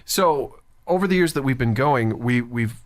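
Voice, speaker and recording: A man's voice: medium pitch, expressive. A man, co-hosting a voice-over podcast in a chatty, storytelling way. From Canada. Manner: chatty storyteller, quick bursts, laughs easily. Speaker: podcast co-host, voice actor. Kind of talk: casual chat.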